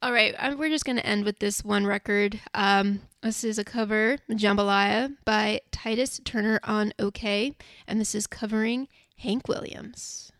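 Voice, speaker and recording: A woman co-hosts a music radio show, dropping short, dryly teasing comments. Her voice has a creaky, gravelly texture, recorded dry and close. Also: medium pitch, fairly even intonation, a little slow, few pauses, a bit bright, dry recording. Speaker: radio co-host. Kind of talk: casual radio chat.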